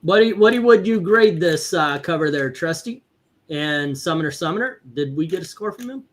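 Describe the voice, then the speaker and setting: A man's voice: a little high, brisk, slight background noise. Guy hosting a stream, easygoing, jokes around, voice bounces up and down a lot. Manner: leads the scoring, relaxed and joking. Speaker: livestream host. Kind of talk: casual chat.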